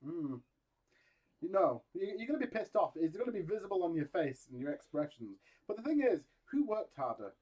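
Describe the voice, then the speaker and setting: A man's voice: high voice, big pitch swings, fairly quick, dark tone, husky, distant mic, rough recording. A man chatting casually as a podcast co-host, joking and reading scripture aloud. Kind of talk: casual chat and Bible reading.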